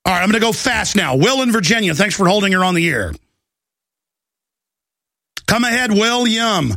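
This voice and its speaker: A gravelly, high-pitched man in middle age rants on his political talk radio show, combative and loud, now and then mocking his opponents. His tone is bright and tense, and the sound is dry and close. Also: expressive, fast, dry recording.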